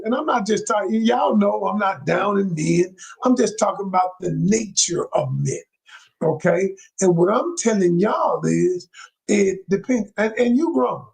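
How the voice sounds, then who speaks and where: A man's voice: high voice, gravelly, a little mellow, breathy edge, rough recording. A man giving relationship advice in a live coaching talk to his viewers, emphatic and repeating key phrases, calling listeners y'all.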